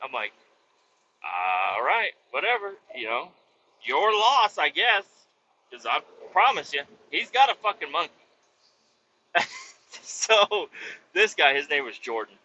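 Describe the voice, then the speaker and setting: Man, podcast host, lively storyteller with a bright, sharp tone, cursing freely, muffled lo-fi sound. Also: fairly high pitch, slow pace, long pauses, slight background noise. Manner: animated, swearing, acts out quoted voices. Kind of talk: casual storytelling.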